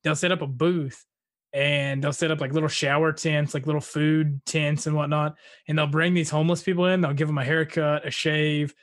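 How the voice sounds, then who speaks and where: A man's voice: fairly high pitch, level tone, normal speed, dry recording, studio quality. A young man hosting a podcast, rambling casually and filling his talk with "like" and "dude". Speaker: podcast host.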